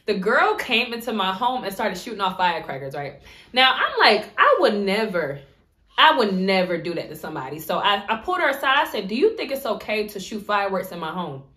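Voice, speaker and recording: A woman's voice: mid-range voice, brisk. A woman telling a story in a casual vlog, acting out what people said and laughing often. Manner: animated storytelling, acts out quotes. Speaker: vlogger.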